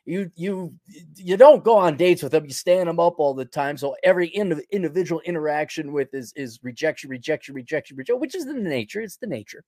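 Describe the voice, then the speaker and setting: A man's voice: on the high side, lively intonation, a little fast, mellow, dry recording, studio quality. Sarcastic rambling male podcast host. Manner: rambling, sarcastic, with frequent restarts and chuckles. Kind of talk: opinionated solo podcast monologue.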